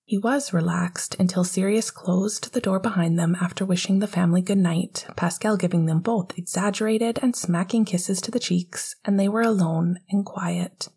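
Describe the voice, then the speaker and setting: A woman narrates an audiobook in a soft, half-whispered delivery. Her voice is husky and mellow, and it sits slightly low. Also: steady tone, normal speed, hardly any pauses.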